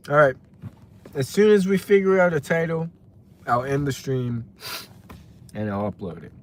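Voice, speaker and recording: A man's voice: fairly high pitch, moderate pace, slight background noise. A young man chatting casually on a live stream, rambling and greeting viewers by name as he reads the chat. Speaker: livestreamer reading chat.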